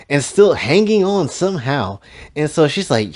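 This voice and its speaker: Animated, joking man retelling a story. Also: on the high side, moderate pace. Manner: animated, joking, profane asides to listeners. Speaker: storyteller recapping his own story. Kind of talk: casual story recap.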